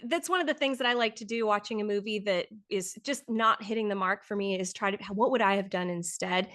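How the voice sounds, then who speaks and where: A woman guest on a casual podcast, explaining her views in a measured way at length. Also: medium pitch, a bit bright. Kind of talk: casual chat.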